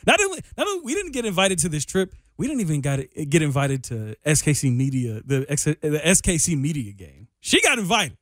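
Young male sports radio host, slightly high voice, loose and rambling, dry studio mic. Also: very animated, fairly quick, few pauses, fairly bright tone, dry recording. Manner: loose, rambling, self-deprecating. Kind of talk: casual sports radio talk. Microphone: studio microphone.

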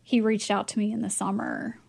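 A woman guest telling a personal story in casual chat, animated and emotional, jumping up in pitch when she acts out quoted lines. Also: a little fast, creaky. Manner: emotional, cries easily.

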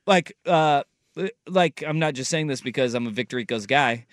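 A man's voice: mid-range voice, normal speed, no echo, studio quality. A man co-hosting a radio show, chatting casually and teasing his partner with laughs and repeated phrases. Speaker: radio co-host. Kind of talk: casual sports radio chat.

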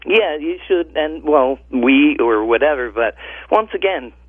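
A man's voice: on the high side, expressive, unhurried, slightly rough, no room sound. A man calling in to a radio show, friendly and rambling, chuckling as he asks questions. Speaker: caller. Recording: tinny phone line.

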